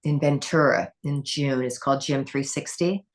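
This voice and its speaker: A woman's voice: extremely low pitch, fairly even intonation, moderate pace. A woman who is a former head gymnastics coach, talking passionately and emphatically as a podcast guest. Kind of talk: podcast conversation.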